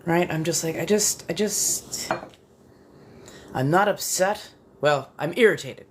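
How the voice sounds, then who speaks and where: A tired woman just waking up drifts through a casual livestream chat at a very slow, unhurried pace. She rambles and swears without a second thought. A faint hiss sits under her voice. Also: fairly low pitch, expressive. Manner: blunt, swears freely, rambling. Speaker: livestream host.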